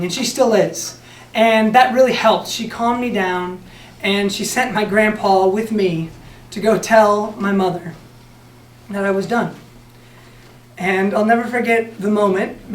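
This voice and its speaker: A young man telling a true personal story on stage, animated and laughing, acting out the people in it. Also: high voice, slight background noise. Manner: animated, laughing, acts out quotes. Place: stage at a community storytelling event. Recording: echoey hall, mic far off, faint ambience.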